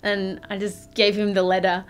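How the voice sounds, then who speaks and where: Young woman, shy, halting documentary interviewee, mid pitch, soft music under. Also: monotone, clean tone. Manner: hesitant, shy, many fillers and restarts. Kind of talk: documentary recollection.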